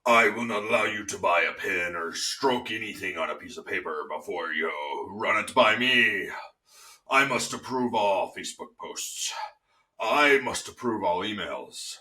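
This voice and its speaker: A man's voice: fairly low pitch, measured pace, sharp tone, distant mic. A man doing a bossy evil villain boss. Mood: domineering.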